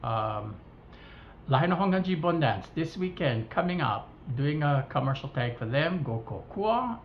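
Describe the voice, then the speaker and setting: A low-pitched woman from Hawaii speaks at normal speed, her accent tinged with Hawaiian Pidgin, as she vlogs a casual rant from her home kitchen. She brings the story to life by acting out the dialogue, and the audio is roomy, a little dull, with faint hiss.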